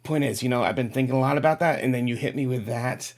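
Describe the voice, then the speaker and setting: A man's voice: mid-range voice, fast. A middle-aged man hosting a casual livestream, reading out viewer chat and rambling emotionally to his audience. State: on the verge of tears.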